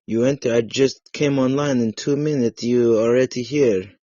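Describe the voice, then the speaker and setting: A man's voice: mid-range voice, steady tone, moderate pace, warm tone, dry recording, lightly acted. A man putting on a put-on Russian accent as a tipsy, joking Russian man, speaking in playful broken English. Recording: muffled lo-fi audio.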